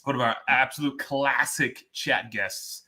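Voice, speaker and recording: A man co-hosting a whiskey livestream, rambling and cracking deadpan jokes in casual banter. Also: mid-range voice, measured pace. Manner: joking, rambling, deadpan asides.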